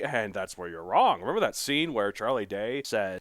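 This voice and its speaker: Animated, joking male podcast host. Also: mid-range voice, a little fast, hardly any pauses, dry recording, clean studio sound. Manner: jokey, playful, self-mocking. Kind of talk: casual podcast chat.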